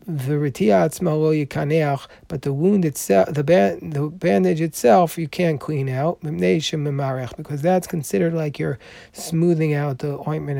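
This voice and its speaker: A man's voice: a little high, gravelly, mellow, dry recording. A man teaching a Talmud class, reading Aramaic passages aloud and explaining them in English with frequent restarts.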